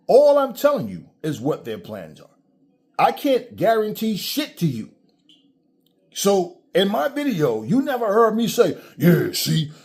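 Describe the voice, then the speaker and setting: A man vents to his camera in a casual commentary rant. His voice is husky, sitting at a middling pitch. He is blunt and profane and lectures the audience like a preacher. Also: darkish tone. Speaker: commentary vlogger. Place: in front of his own camera.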